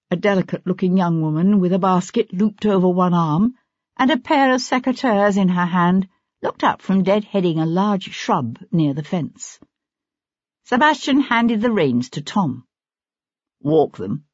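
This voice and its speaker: Low husky lady reading an audiobook, steady and even, dry slightly dull recording. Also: dry recording. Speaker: audiobook narrator. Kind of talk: scripted audiobook narration.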